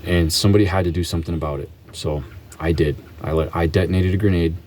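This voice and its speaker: A man vlogging an earnest faith testimony, halting often and restarting his sentences. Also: sits low, steady tone, darkish tone, a little hiss or hum.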